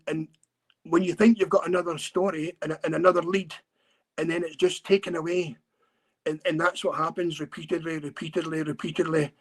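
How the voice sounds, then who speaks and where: A man from Scotland, a guest on a podcast interview, telling his story earnestly with many halting repeats and restarts. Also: a little high, breathy edge.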